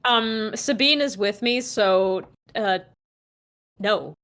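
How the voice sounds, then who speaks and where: Slow-talking woman playing a tabletop game. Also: mid-range voice, a bit bright. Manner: hesitant, many fillers and giggles. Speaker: player.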